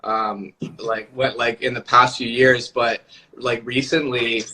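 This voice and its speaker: Bright-voiced man on a video call. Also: medium pitch, slow. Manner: relaxed, many "like" fillers. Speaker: music producer guest. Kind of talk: casual live-stream chat.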